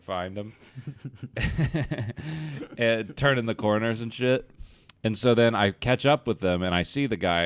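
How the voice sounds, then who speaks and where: Young man, comedy podcast host, self-mocking, profane, smooth voice, dry close sound. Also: low-pitched, fairly bright tone, no room sound. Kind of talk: comedic storytelling.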